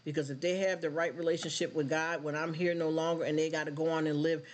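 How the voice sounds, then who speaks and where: A man's voice: on the high side, level tone, fast. Earnest man preaching to his stream. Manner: preachy, earnest, addresses viewers directly. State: emotional, choked up. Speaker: live stream host. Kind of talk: casual faith talk with live chat.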